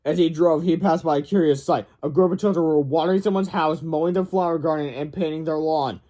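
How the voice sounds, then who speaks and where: A man's voice: fairly high pitch, a little fast, mellow. A man reading a children's book aloud, stumbling and correcting himself now and then. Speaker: read-aloud narrator.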